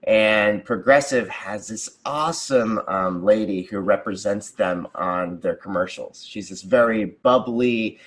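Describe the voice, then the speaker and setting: Man, lowish voice, enthusiastic, filler-heavy, video call. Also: a little slow, few pauses, fairly bright tone. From United States. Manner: earnest, enthusiastic, many ums and likes. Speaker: guest, conversation designer. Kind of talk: casual interview answers.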